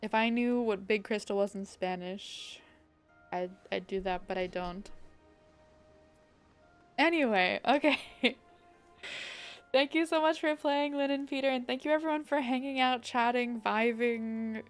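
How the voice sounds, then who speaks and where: A woman's voice: fairly high pitch, unhurried, pauses often, smooth, faint music behind. Bubbly young woman streamer. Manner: bubbly and excitable, many likes. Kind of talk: casual live-stream game chat.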